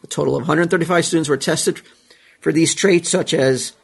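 Gravelly man rambling, searching for words. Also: on the high side, normal speed. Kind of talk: casual comedic chat.

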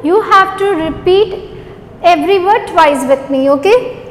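A woman's voice: extremely high pitch, lively intonation, measured pace, big-room sound, a little hiss or hum, poor audio. A woman teacher revising a lesson with young children, spelling words out letter by letter and repeating each answer. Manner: asks questions then repeats the answers.

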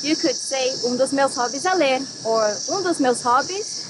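Woman, high voice, language teacher, slow careful pronunciation, steady hiss behind. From Brazil. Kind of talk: bilingual language lesson.

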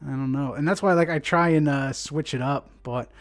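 A man chats casually on a livestream, laid-back and rambling. His voice sits a little high and he laughs often between thoughts. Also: moderate pace. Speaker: stream host.

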